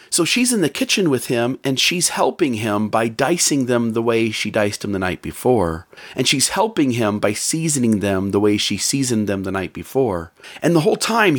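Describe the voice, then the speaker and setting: A man giving an earnest motivational talk about relationships, repeating phrases for emphasis. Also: mid-range voice.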